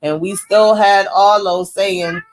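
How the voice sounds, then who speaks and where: A woman casually recapping a TV series episode in a slangy, profane, animated way, often acting out the characters' lines. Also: mid-range voice, slow, a little hiss or hum.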